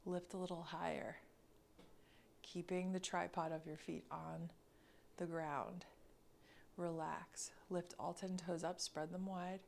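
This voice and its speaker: A woman leads a mobility class at an unhurried pace, her voice low and edged with vocal fry. She cues each movement calmly and counts down steadily, with a faint hiss of noise behind her. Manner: slow, calm cueing with counted breaths. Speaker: mobility instructor. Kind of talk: guided exercise class.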